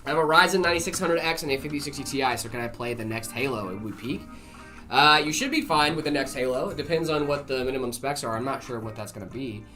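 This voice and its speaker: A man's voice: medium pitch, expressive, fast, bright, forceful tone, soft background music. A man co-hosting a livestream in casual chat, rambling in a friendly way and reading viewer messages aloud. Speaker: livestream co-host.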